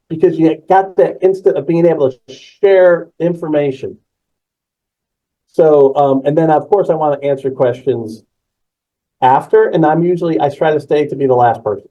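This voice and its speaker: A man runs a live webinar about presentation skills, full of energy and emphasis, repeating key words and responding to the chat. His voice sits on the higher side, and the recording loses its top frequencies.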